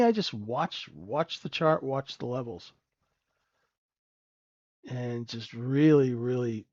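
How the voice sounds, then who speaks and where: A man runs a live trading room with unhurried, blunt, joking commentary, constantly checking in with "right?". His voice sits a little high, and the audio is dry and slightly dull, like a lo-fi stream. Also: warm tone, dry recording. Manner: casual, joking, keeps asking "right?"; blunt and profane. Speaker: trading room host and mentor.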